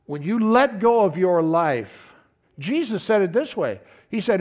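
A man's voice: high voice, very animated, measured pace, darkish tone. A middle-aged man preaching a folksy, conversational sermon, often calling out to his congregation.

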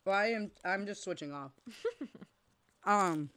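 A woman's voice: medium pitch, unhurried, a bit bright. A young woman co-hosting a podcast, casually retelling a movie plot, acting out quotes, laughing and swearing. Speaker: podcast co-host. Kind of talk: casual movie recap chat.

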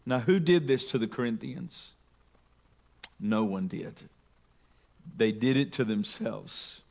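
A male pastor teaching through a Bible passage, reading scripture aloud with rising emphasis and slowing on key words. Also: medium pitch, expressive, darkish tone. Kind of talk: expository sermon.

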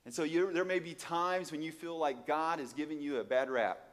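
Animated male preacher. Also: normal speed, big-room sound. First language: Portuguese. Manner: animated, emphatic, swings from low asides to loud exclamations, rhetorical questions. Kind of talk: sermon.

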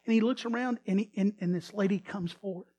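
A man's voice: high-pitched, fast talker, slightly rough. A male pastor preaching a sermon who retells a story dramatically and often restarts or repeats his words. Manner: dramatic storytelling, swinging between loud emphasis and hushed tones.

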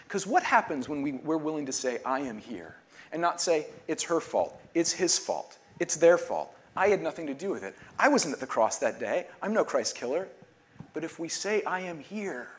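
A man preaching a sermon as pastor, earnest, leading a call-and-response prayer and dropping to near-whispers to stress a point. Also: fairly high pitch.

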